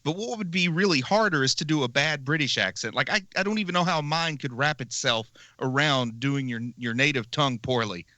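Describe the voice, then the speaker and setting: Guy on a podcast, bright voice, a bit high, dry sound, laughs a lot. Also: a little fast, few pauses, no room sound. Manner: animated, laughs often. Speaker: podcast host. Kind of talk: casual chat.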